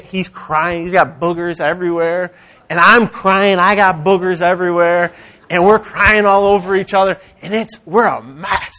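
A man preaching a sermon, animated and conversational, swinging from loud rallying calls to quiet storytelling. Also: high-pitched. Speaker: church speaker.

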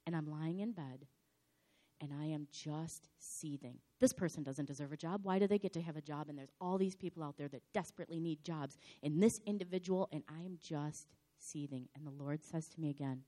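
Slightly hoarse woman preaching dramatically. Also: sits low, brisk. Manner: dramatic, animated storytelling. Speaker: pastor. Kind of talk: storytelling sermon.

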